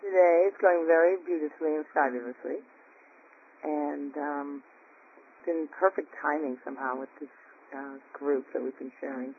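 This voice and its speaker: A man's voice: on the high side, fairly even intonation, normal speed, slight background noise. A man checking in on a group call, enthusiastic and emphatic as he talks. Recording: tinny phone line.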